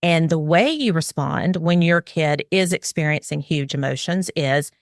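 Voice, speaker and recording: Middle-aged woman, parenting expert guest; earnest and explanatory, lowish voice, dry close sound. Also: measured pace, dry recording. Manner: earnest and explanatory, acts out parent and child lines. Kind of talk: interview, giving advice.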